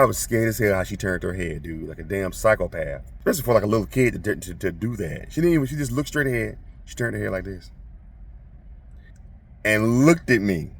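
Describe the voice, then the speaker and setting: A man casually telling a childhood story to his viewers, animated, profane and self-mocking. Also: mid-range voice, distant mic.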